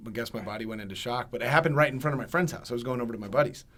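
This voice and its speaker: A man hosting a podcast who tells a personal story in casual chat and gets loud when he acts out other people. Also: mid-range voice, rapid-fire, slight background noise. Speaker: podcast host.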